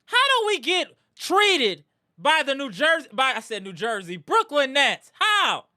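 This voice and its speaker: A woman's voice: high voice, very animated, unhurried, bright, forceful tone. A woman hosting a live sports reaction stream, ranting in anger and frustration with repeated outbursts. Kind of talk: live fan reaction rant.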